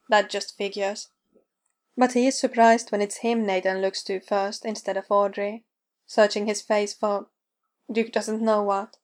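Woman narrator, fan fiction read aloud, flat pitch, mid voice, steady.

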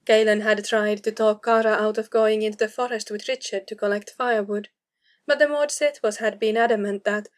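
A woman reads a story aloud in a calm, measured narration. Her voice sits at an ordinary middle pitch for a woman. The delivery is even and unhurried, in an audiobook style.

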